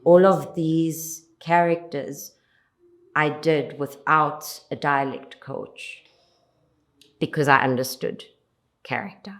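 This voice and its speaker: A woman's voice: low-pitched, fairly even intonation, takes it slowly. A South African actress in an interview, answering earnestly and reflectively and building her points through lists of repeated phrases. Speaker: lead actress, interview guest.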